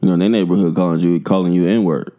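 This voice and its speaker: A young man co-hosting a podcast in casual chat, animated, laughing and swearing freely. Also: low-pitched, fast talker, narrow, tinny audio. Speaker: podcast co-host.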